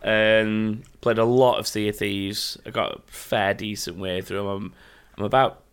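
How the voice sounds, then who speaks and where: A man's voice: lowish voice, flat delivery, a little slow, smooth. A man, a podcast host chatting casually and telling stories. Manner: chatty, laughing, storytelling. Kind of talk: casual chat.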